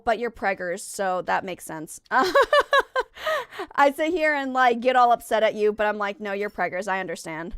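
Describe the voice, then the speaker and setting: In a dry recording, a young woman with a stuffy nose chats casually with viewers while live-streaming a game, rambling and often correcting herself. Her voice is a little high and a bit bright.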